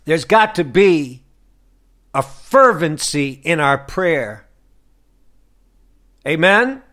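A man's voice: on the high side, very animated, drawn-out words, pushed and bright. A man preaching a fervent sermon on a broadcast, pressing listeners with repeated questions.

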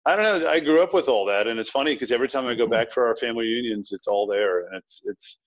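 Quick, restart-prone man on a lo-fi line. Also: medium pitch. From Virginia. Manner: quick, anecdotal, frequent restarts. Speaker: author guest. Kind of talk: casual interview chat. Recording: dull lo-fi sound.

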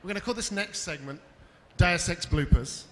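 A man with a fairly high, lively voice keeps a convention panel moving, brisk and joking. His voice echoes through a large hall, with a faint murmur of crowd behind it. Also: slight background noise. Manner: upbeat, brisk and jokey. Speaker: panel host. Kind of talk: hosting a convention stage.

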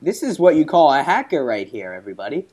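Excitable young man narrating gameplay. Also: medium pitch, fast, breathy edge. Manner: excitable, yelps and laughs at the game. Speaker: gaming channel host. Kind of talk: casual let's-play commentary.

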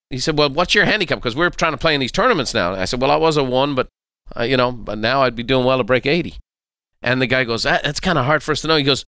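Host, middle-aged man, lively storyteller; bright, crisp voice, dry close recording. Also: medium pitch, no room sound. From Ireland. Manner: animated anecdotes with laughs and acted-out quotes. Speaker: podcast host. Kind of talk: conversational interview storytelling.

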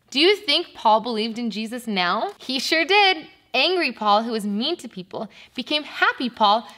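A woman teaching a preschool Bible lesson, speaking to little children in an animated, sing-song way. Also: high-pitched.

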